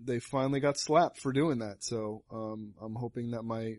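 A man's voice: medium pitch, steady tone, moderate pace, darkish tone, no echo. Sarcastic man grumbling in a dry close voice. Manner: sarcastic, grumbling, swears casually. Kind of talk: casual chat.

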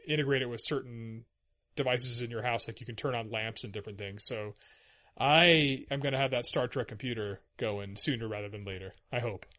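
A man with a bright, forward voice hosting a casual podcast chat. He talks in a wry, easygoing way and laughs easily between points. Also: medium pitch. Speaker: podcast host.

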